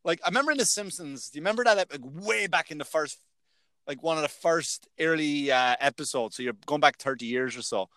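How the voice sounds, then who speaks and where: A higher-pitched Irish man in his thirties spins anecdotes in casual chat, peppering them with swearing and bursts of laughter. His voice sits close and dry, with no room sound around it. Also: a little fast, bright, forceful tone, dry recording. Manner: profane, laughing storyteller.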